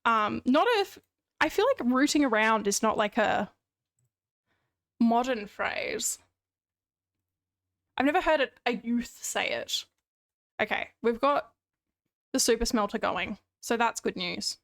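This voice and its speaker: Young woman, live streamer, loose chatty banter with swearing, slightly high voice with heavy vocal fry. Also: animated, unhurried, long pauses, fairly bright tone. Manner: chatty, swears freely, laughs often. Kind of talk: casual live-stream chat while gaming.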